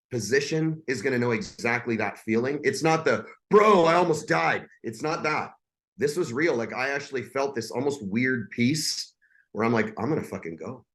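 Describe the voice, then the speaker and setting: A man's voice: medium pitch, fairly bright tone. A man in his forties, a podcast guest, telling a personal story in a blunt, intense and profane way.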